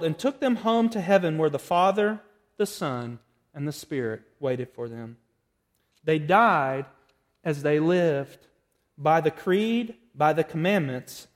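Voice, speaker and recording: Male pastor, high pitch, dramatic storytelling sermon, long hall echo. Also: a little mellow. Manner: emphatic preaching with dramatic storytelling. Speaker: preacher. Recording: reverberant hall.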